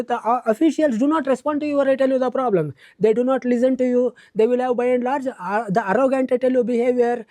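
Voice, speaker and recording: Male lecturer, high mellow voice, slow listing delivery, dry close sound. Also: dry recording. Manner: repeats the filler "I tell you" and lists words one by one; slow and deliberate. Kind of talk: educational lecture.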